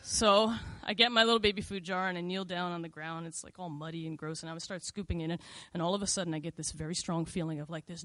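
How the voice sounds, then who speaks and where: A woman's voice: fairly low pitch, quick pace, hardly any pauses, a bit bright, dry recording. A middle-aged woman telling a first-person story in a candid, conversational way, full of "like" and "you know".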